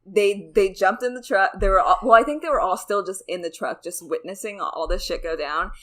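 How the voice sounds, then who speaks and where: A woman's voice: medium pitch, brisk, fairly bright tone. A woman co-hosting a podcast, casually telling a story in a chatty, sweary way with lots of "like". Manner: chatty, sweary, says "like" a lot. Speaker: podcast co-host.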